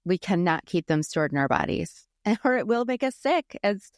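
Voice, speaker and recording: A woman's voice: mid-range voice, big pitch swings, normal speed, dry recording, clean studio sound. A middle-aged woman hosting a wellness podcast, upbeat, closing the episode with friendly sign-offs. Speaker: podcast host. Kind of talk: casual podcast chat and scripted outro.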